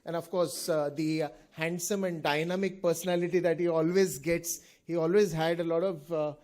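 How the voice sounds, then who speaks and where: High-voiced man hosting an event. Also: steady tone, moderate pace, darkish tone. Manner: light, joking introducer with many fillers. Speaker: host introducing the speaker. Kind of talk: event introduction.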